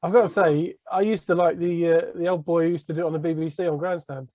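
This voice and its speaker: Brief: high-pitched podcast host, rambly, muffled lo-fi recording. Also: male voice, fairly even intonation, fast, darkish tone, dry recording. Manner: laughs mid-sentence, rambly. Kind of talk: casual chat. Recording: dull lo-fi audio.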